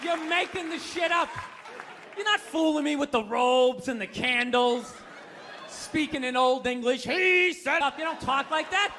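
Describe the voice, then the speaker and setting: High, bright-voiced ranting man. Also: a little slow, some chatter behind, a little hiss or hum. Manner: ranting, incredulous, profane. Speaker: stand-up comedian. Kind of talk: stand-up comedy. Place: stage before a live audience.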